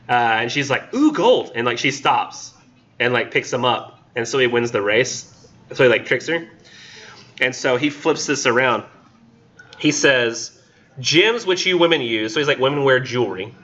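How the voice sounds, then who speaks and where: A man's voice: mid-range voice, sharp tone, highs cut off. A man teaching a college literature class, reading poems aloud and joking casually about them. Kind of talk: recorded classroom lecture.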